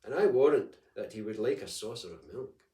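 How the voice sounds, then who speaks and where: A man voicing a kind-hearted old widow mother who talks in a homely, gently scolding way, recorded in an echoey room. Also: lowish voice, expressive, brisk, lightly acted. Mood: kindly. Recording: echoey room, distant mic.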